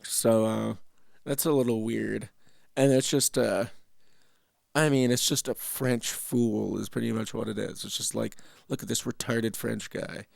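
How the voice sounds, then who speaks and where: A young man from Canada rambles through casual commentary, swearing and restarting his sentences. His voice is heavily gravelly. The sound is dry and close, with no room echo. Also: lowish voice, steady tone, unhurried, a little mellow. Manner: rambling, profane, self-interrupting. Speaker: host.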